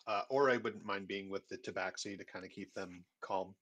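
A man's voice: low-pitched, fairly even intonation, normal speed, a bit bright. A man playing in a tabletop game, talking casually about his character's actions. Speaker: player.

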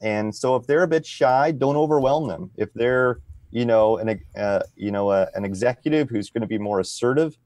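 Guest man, conversational and explanatory, mid-pitched voice, dry close recording. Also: normal speed, dry recording. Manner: relaxed, explanatory, tags sentences with "right?". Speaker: podcast guest. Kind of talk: conversational interview.

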